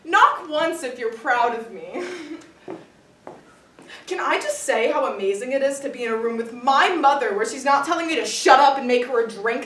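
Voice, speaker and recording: A teenage girl performing a comic monologue on stage, with a wry, deadpan delivery. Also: a little high, unhurried. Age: teens. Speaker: student actor. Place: stage in a hall. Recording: echoey room, far from the mic, faint noise.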